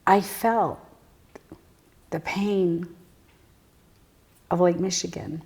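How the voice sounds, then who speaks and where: A woman guest telling personal stories in an interview, earnest and reflective, halting with fillers and sometimes sinking to a near whisper. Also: lowish voice, steady tone, darkish tone. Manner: halting, with frequent fillers and restarts. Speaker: guest, spiritual medium.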